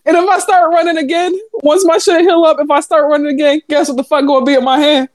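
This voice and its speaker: High-voiced young woman, profane banter. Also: fast talker, a crowd in the background. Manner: profane, animated, laughs a lot. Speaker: podcast co-host. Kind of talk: casual podcast banter.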